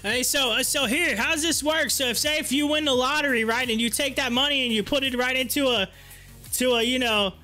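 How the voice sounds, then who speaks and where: A man's voice: very high voice, a little fast, pushed and bright, faint music behind. A man hosting a stock market livestream, telling a rambling story with many fillers and frequent giggles. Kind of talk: casual livestream chat.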